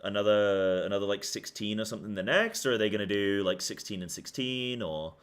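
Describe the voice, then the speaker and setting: A man's voice: fairly low pitch, a little fast, a bit bright, clear, resonant tone. A young man streaming, chatting casually about a game and rambling in loose, filler-heavy sentences. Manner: talks in loose run-on thoughts with many fillers.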